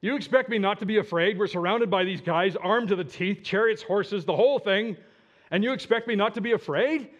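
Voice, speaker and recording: A frightened servant protests loudly that he cannot be expected to stay calm. A man acts him out during a sermon. His tone is exasperated and incredulous, a notch above the speaker's everyday voice. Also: high voice, brisk, muffled recording, pitched above the performer's own voice, natural voice. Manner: exasperated, disbelieving complaints. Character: panicking young male servant, frightened.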